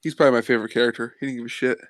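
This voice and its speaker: A man's voice: medium pitch, steady tone, rapid-fire, dry recording, clean studio sound. A man co-hosting a podcast, giving blunt, joking reactions in casual, profane chat. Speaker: podcast co-host.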